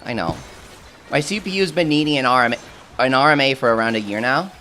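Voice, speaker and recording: A man's voice: medium pitch, expressive, fast talker, sharp tone, faint music behind. Hiccuping male streamer chatting casually. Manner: chatty, self-deprecating, answers chat questions. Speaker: game streamer. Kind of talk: casual live-stream chat reading viewer comments.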